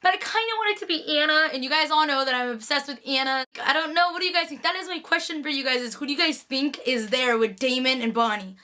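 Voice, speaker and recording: A woman's voice: high voice, quick pace, few pauses, sharp tone. A young woman gushing in a casual, chatty recap of a TV episode, full of "like".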